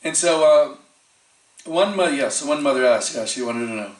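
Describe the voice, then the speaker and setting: A man tells devotional stories at a temple, animated and full of fillers as he slips into the voices of his characters. He sounds set back from the microphone, and his voice rings around a large, echoing hall. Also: medium pitch, moderate pace. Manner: animated storyteller acting out quoted voices, frequent fillers. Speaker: temple speaker. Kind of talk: storytelling sermon. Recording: echoey hall, distant mic.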